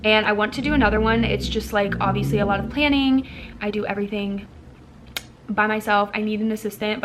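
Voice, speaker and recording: A woman's voice: medium pitch, fairly bright tone, slight background noise. A woman in her thirties, a content creator, chatting casually to camera in a rambling, filler-heavy way. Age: 30s. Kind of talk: casual chat.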